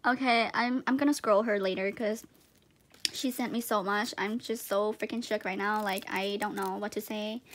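A woman filming a casual unboxing vlog at home on a tripod camera, excitable and gushing, with lots of exclamations and laughter. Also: medium pitch, normal speed. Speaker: vlogger.

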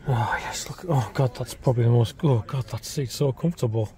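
A man's voice: mid-range voice, fairly quick, warm tone. A man hosting his own vlog, chatting casually to camera and musing aloud as he looks round cars at a show. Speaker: vlog host. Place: busy electric car show. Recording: busy show crowd behind.

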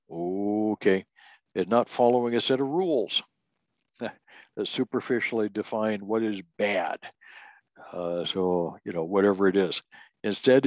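An older man giving a slow, deliberate Bible doctrine lesson, reading scripture aloud and often restarting with "uh". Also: on the low side, a little mellow, dry recording. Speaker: Bible teacher. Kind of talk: recorded doctrine lecture. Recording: dull lo-fi audio.

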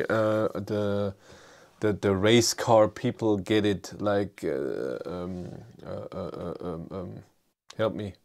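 A middle-aged man with a German accent hosting a live stream. He answers viewer comments in a casual, halting way, with many fillers and restarts, and reads chat questions aloud. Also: fairly low pitch, darkish tone. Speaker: livestream host.

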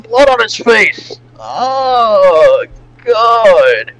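Excitable man reacting, frequent swearing, sudden loud outbursts, high voice. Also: unhurried, a little hiss or hum, rough recording. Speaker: reaction video host. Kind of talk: casual reaction chat.

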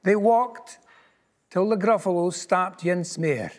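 A man with a Scottish accent reading a picture book aloud in Scots, expressive and lilting. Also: high voice, takes it slowly.

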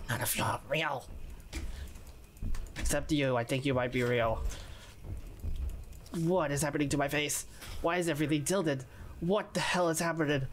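A woman's voice: low voice, moderate pace, pauses often, a little hiss or hum. A woman streamer giving jittery gameplay commentary, talking to herself with whispered asides.

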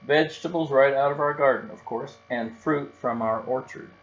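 A man's voice: medium pitch, normal speed, pitched above the performer's own voice, close to an everyday voice. A man reading a storybook aloud and voicing a firm, no-nonsense mother bear. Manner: firm, matter-of-fact. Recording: dull recording with faint hum.

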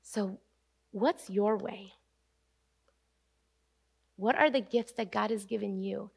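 A woman pastor preaching a sermon in an earnest, emphatic way, slowing down to stress key phrases. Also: mid-range voice, gravelly, breathy edge. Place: church sanctuary.

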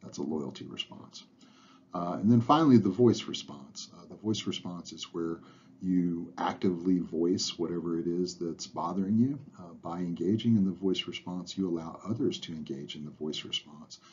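A man narrating lecture slides in a relaxed way, filling pauses with "uh" and letting phrase ends trail off softly. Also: sits low, a little hiss or hum. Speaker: instructor. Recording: dull lo-fi recording.

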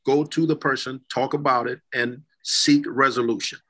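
Bright-voiced man hosting a church talk show. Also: mid-range voice, fairly even intonation, moderate pace, low-quality recording. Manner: reads scripture aloud, then poses a question. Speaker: host.

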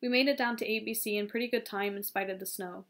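A woman reads a novel aloud in a calm, steady voice at an ordinary pitch. She sometimes trips over a word and starts the phrase again. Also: quick pace. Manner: calm, steady reading with small slips and restarts. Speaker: audiobook reader.

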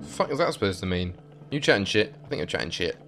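A man's voice: sits low, animated, fast talker, fairly bright tone, soft background music. Wry sweary man. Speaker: let's play host. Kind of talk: gameplay commentary and reading aloud.

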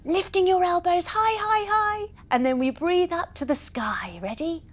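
A woman's voice: very high voice, measured pace. A young woman leading a storytelling yoga class for children, playful and encouraging, with gasps and sound effects. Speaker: kids yoga teacher.

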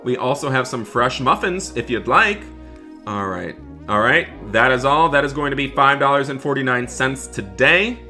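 A man narrates his game role-play with bright, forceful energy, excitable and chatty, forever calling out to the viewers. Faint music plays underneath. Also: mid-range voice, normal speed. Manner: upbeat and excitable, keeps addressing viewers as guys. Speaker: gaming YouTuber playing a barista.

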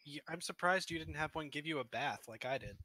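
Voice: medium pitch, a little fast, pushed and bright, no echo. A tabletop player in casual chat, amused, narrating what their character does. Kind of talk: casual tabletop role-play.

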